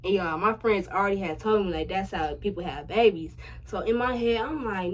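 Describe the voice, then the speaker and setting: Chatty, profane young woman telling a story. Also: a little fast. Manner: chatty, slangy and profane, addressing viewers directly; animated, rising loud and high when excited. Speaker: vlogger. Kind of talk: casual storytime vlog.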